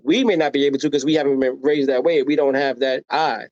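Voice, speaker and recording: This American man, a guest on a podcast, shares personal stories in a mid-range voice at a fast pace. He animates the people he quotes by performing their voices and keeps checking in with "right?", and the dry, slightly dull sound suggests a modest lo-fi setup.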